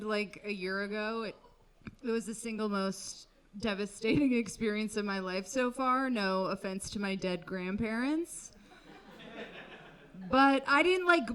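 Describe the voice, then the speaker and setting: A woman comedian performs stand-up on a club stage in a high, bright, crisp voice. Her delivery is wry and chatty, full of sarcastic asides. She sounds casual and confiding.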